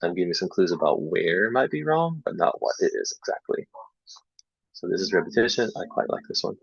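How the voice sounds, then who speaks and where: Relaxed male teacher trainer, gravelly and low, chatty with fillers, muffled dry lo-fi sound. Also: brisk, no echo. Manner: relaxed, filler-heavy, demonstrates errors by repeating them. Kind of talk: casual online teaching talk. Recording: dull lo-fi dry online recording.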